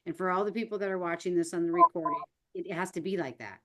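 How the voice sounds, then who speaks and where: Encouraging lower-voiced woman on a video call. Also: fast, a bit bright. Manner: encouraging, talks through events, repeats "right?". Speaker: direct sales mentor. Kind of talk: zoom class teaching.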